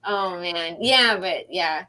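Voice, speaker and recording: A woman's voice: fairly low pitch, slow pace, sharp tone, rough recording. A woman from North Carolina and Texas with a Southern accent, hosting a casual chat, laughing a lot and encouraging her guest. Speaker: host.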